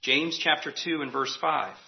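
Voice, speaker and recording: A man's voice: on the high side, unhurried, vocal fry, highs cut off. A man preaching a sermon as pastor, earnest and emphatic, repeating key phrases for weight.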